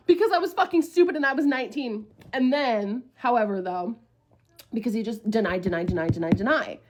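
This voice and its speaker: A woman's voice: on the high side, fast, a little mellow. A young woman in her early twenties telling a personal story in casual storytime style, blunt and profane, acting out the other people's lines. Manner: blunt, profane, dramatic retelling with quoted voices.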